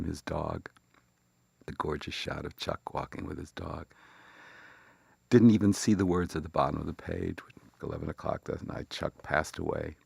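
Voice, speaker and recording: Older man, deep gravelly voice, dry close mic, halting reflective storytelling. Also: darkish tone, dry recording. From Chicago. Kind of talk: personal storytelling.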